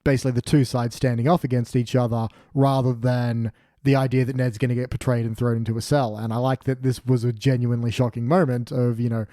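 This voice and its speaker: Mellow-voiced man, chatty podcast co-host. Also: medium pitch, little pitch movement, no room sound, clean studio sound. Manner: retells scenes with quick mimicked character voices. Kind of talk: casual chat.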